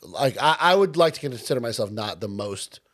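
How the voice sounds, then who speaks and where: Young New guy, podcast co-host, lively pitch, chatty, filler-heavy. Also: fairly quick. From Long Island, New York. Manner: animated, chatty, with many fillers. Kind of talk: casual chat.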